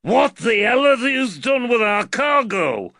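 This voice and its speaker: A big, belligerent thug with a Liverpool accent, as a male narrator puts him on. He barks his challenges high and loud, harsh and brash. The recording is dry and close. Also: big pitch swings, slow, vocal fry, no echo, full character voice.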